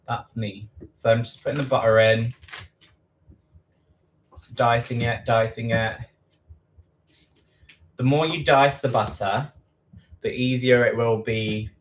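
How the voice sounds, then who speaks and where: A man's voice: mid-range voice, steady tone, takes it slowly, pauses often, a little hiss or hum. Chatty East London man baking at home. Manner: chatty, self-deprecating, repeats quantities aloud. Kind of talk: casual live baking chat. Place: home kitchen.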